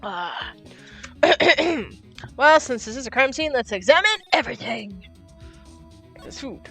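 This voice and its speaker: A woman voicing an earnest young male defense lawyer in a fan voice-acting of a game, talking slowly and thoughtfully. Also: a little high, expressive, fairly bright tone, breathy edge, faint music behind, exaggerated voice. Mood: curious.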